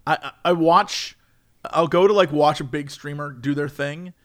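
A man, a streamer, chatting casually and acting out chat messages in a high, excited voice. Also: moderate pace.

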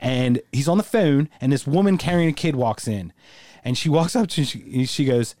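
Animated crude-talking man. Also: medium pitch, normal speed, no room sound, studio quality. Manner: crude, animated, acts out movie lines. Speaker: podcast co-host. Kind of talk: casual chat.

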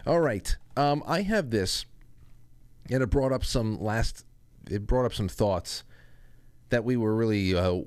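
Male host, joking monologue, lowish voice, dry sound. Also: no echo. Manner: rambling, self-deprecating, joking. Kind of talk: casual monologue.

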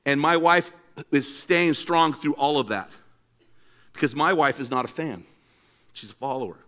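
An older man preaching a sermon in a church, telling stories and acting out quotes with lively energy. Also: fairly high pitch, moderate pace. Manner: animated storytelling preacher, acts out quotes. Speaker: pastor.

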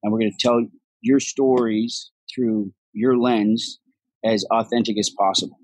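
A man being interviewed as an actor guest, telling stories in a casual, profane, animated way and acting out what others said. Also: fairly low pitch, measured pace, no room sound, rough recording.

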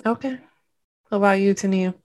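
A woman hosting a podcast, chatting candidly with quick asides. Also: mid-range voice, darkish tone, a little hiss or hum. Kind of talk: casual podcast chat.

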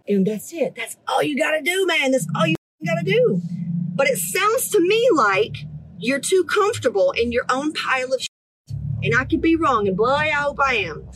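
A woman's voice: high-pitched, lively intonation, moderate pace, a bit bright, slightly rough, rough recording. A woman in her thirties, a fitness coach ranting bluntly at her group, profane and exasperated. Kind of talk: blunt motivational rant.

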